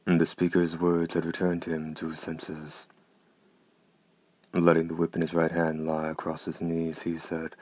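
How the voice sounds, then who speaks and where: A man narrating an audiobook in a measured, steady, unhurried way. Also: sits low, no echo.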